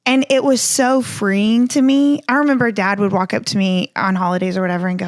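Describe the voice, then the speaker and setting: A woman in her thirties, co-hosting a casual chat about faith and family, earnest and animated, acting out the things people said to her. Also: mid-range voice, fairly quick. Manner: earnest, animated, acts out quoted remarks. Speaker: podcast co-host.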